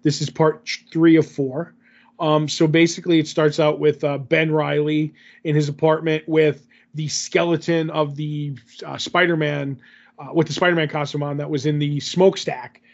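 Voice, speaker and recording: A man's voice: on the high side, little pitch movement, normal speed, vocal fry, highs cut off. A man co-hosting a podcast, rambling through a comic book recap in casual chat, with lots of fillers and self-corrections.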